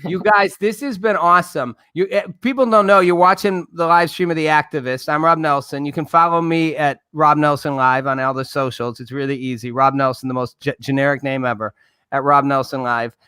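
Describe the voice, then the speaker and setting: Bright-voiced older man hosting a talk show. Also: on the high side, steady tone, fairly quick, clean tone, no room sound. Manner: friendly, joking, encouraging. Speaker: host.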